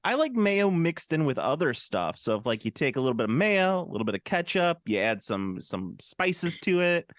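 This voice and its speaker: A man's voice: a little high, big pitch swings, normal speed, few pauses, no room sound, studio quality. A man co-hosting a podcast, chatting casually in a joking, mock-serious way. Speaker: podcast co-host. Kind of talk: casual chat.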